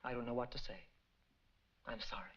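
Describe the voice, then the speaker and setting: An actor playing a small-town parson who speaks haltingly and apologetically, in a dull old film soundtrack. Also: male voice, medium pitch, fairly even intonation, fairly bright tone, natural voice. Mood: troubled.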